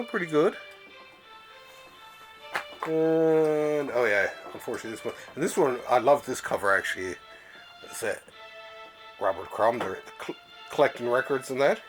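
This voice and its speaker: Guy rambling about comics at home, lots of laughing and restarts, soft music behind. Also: mid-range voice. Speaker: show host. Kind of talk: casual chat about comic books. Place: home library room.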